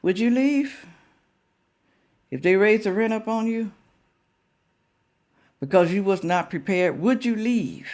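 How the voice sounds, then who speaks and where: A woman's voice: medium pitch, animated, slow, long pauses, darkish tone. An older woman talking casually to her viewers, emphatic and full of rhetorical questions. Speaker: reaction vlogger.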